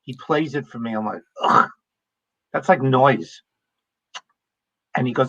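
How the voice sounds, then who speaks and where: A man's voice: mid-range voice, expressive, moderate pace, long pauses, a bit bright. Middle-aged male guest, frank and blunt, on slightly dull remote audio. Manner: candid, blunt, swears casually. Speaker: interview guest, music industry executive. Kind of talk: casual interview storytelling.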